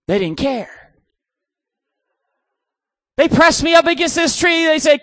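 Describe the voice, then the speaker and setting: A middle-aged man preaching a sermon, telling a comic story with animated delivery. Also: very high-pitched, a little slow, long pauses, no room sound, studio quality.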